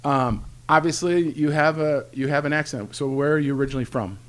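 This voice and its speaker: A man's voice: fairly high pitch, a little fast. A middle-aged man hosting a local podcast, interviewing a friend in a teasing, friendly way with many fillers and restarts. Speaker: podcast host. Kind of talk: scripted intro, then casual interview.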